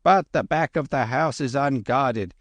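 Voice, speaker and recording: A man voicing a proud, sharp-tongued old grandmother who speaks in a commanding way in an audiobook. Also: medium pitch, unhurried, dry recording, voice pushed up, lightly acted. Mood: cautious. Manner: commanding, chuckling asides. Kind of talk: audiobook character voice.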